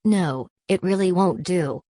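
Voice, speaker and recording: A woman's voice: lowish voice, measured pace, warm tone, dry recording. A woman reading the lines of a sensible young woman who lectures her friend with disapproval, in an audiobook. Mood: lecturing.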